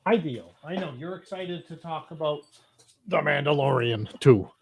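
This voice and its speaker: A man's voice: fairly high pitch, expressive, normal speed, gravelly, crowd noise. A man co-hosting a casual pop culture show, talking bluntly and swearing now and then. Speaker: podcast co-host. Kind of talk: casual chat.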